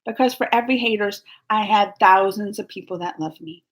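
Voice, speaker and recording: A woman's voice: medium pitch, a little fast. A woman hosting a casual live stream, chatting and giggling as she reads viewer comments aloud. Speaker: YouTube reaction host.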